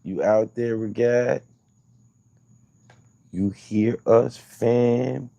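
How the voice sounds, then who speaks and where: A man's voice: medium pitch, fairly even intonation, very slow, creaky, dark tone, no room sound. A man hosting a casual livestream, teasing and joking with his viewers. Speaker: livestream host.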